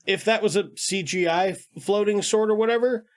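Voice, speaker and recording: A man talking on a casual podcast, his voice pitched a bit high for a man. He riffs and jokes with plenty of swearing and drops into silly impressions. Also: brisk. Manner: jokey, swears, puts on goofy voices. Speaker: podcast co-host. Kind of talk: casual chat.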